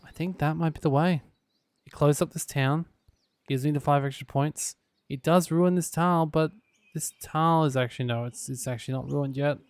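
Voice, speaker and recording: A man giving relaxed gameplay commentary, muttering to himself with dry, sarcastic asides. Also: on the high side, normal speed, smooth, dry recording. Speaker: gaming YouTuber.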